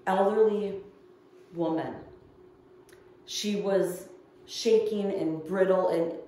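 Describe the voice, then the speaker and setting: A woman's voice: on the low side, darkish tone, slight background noise. A woman pastor delivering a midweek sermon, telling a personal story in an earnest, storytelling way. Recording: echoey room heard from far off.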